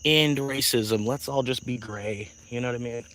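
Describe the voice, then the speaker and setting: A man's voice: medium pitch, moderate pace, fairly bright tone, slight background noise, poor audio. A man chatting casually on a livestream, rambling, swearing and laughing often, outdoors at night.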